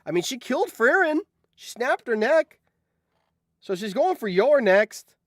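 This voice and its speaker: A man streaming live, reacting excitedly and yelling in surprise on a close mic. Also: extremely high pitch, a little slow, no echo. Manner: excitable, yells in surprise, laughs often.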